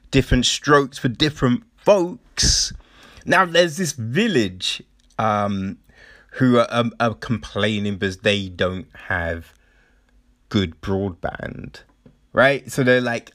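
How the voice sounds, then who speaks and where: A man's voice: on the high side, a bit bright, no room sound, studio quality. A man hosting a podcast, ranting casually with heavy swearing and sarcastic mock voices. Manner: profane, sarcastic, mocking voices of others. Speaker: podcast host.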